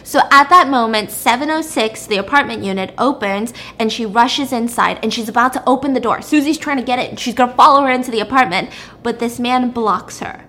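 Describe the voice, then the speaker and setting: A woman's voice: fairly high pitch, a little fast, fairly bright tone, a little hiss or hum. A woman recapping a story in a casual, chatty, blunt way, using "like" often.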